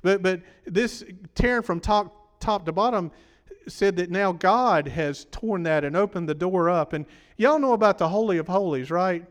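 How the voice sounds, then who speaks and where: A man's voice: high-pitched, moderate pace, in a large hall. A man preaching a sermon, talking conversationally and quizzing the congregation, his voice worn from preaching.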